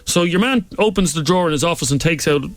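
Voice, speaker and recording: A man's voice: a little high, expressive, no room sound. A man co-hosting a talk radio phone-in, telling jokey stories. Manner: quick, storytelling, jokey. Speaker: radio co-host.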